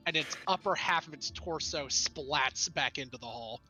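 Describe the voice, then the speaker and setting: A man's voice: a little high, moderate pace, pushed and bright. A man narrating a tabletop game as game master, loose and laughing, with lots of fillers.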